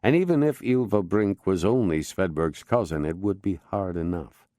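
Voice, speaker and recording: Deep-voiced male audiobook narrator. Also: lively intonation, normal speed, warm tone, no room sound, studio quality. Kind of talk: scripted narration.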